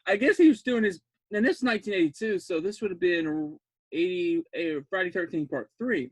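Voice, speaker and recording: A man excitedly recapping a bad horror film, rambling, laughing often and breaking into loud disbelief. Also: high-pitched, moderate pace, breathy edge, no room sound. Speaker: podcast host recapping a film.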